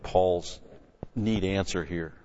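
Male pastor, low voice, emphatic teaching sermon, dull recording with long church-hall reverb. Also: steady tone, slow, a little hiss or hum. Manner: emphatic, swings between loud stresses and quiet asides. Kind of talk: expository sermon.

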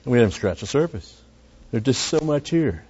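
A man's voice: mid-range voice, very animated, normal speed, darkish tone, breathy edge. A man teaching through a Bible passage verse by verse, conversational and full of asides, pressing hard on key words. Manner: conversational, with frequent asides and restarts. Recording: dull lo-fi recording.

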